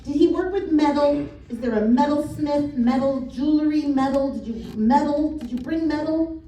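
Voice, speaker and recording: A woman's voice: sits high, moderate pace, mellow. A woman psychic medium giving a live reading in a casual, blunt way, swearing and laughing. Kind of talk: live spirit-message reading. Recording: echoey room from a distance.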